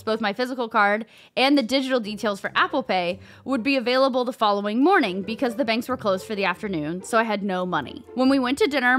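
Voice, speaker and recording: A woman's voice: a little high, a bit bright. A woman hosting a casual vlog, reading advice posts aloud and giving blunt, sweary verdicts, laughing often. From United States.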